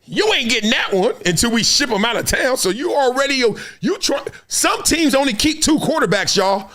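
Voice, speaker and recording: Man in his fifties, sports show host, high voice, very animated swings, slangy storyteller. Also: normal speed. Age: 50s. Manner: animated storyteller, acts out quotes; slangy, laughs often. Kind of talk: casual sports commentary.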